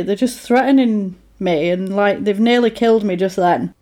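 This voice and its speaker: A woman's voice: medium pitch, normal speed, few pauses. A woman chatting casually, retelling a film plot and acting out the characters' lines as she goes. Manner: animated storyteller, acts out lines with laughter.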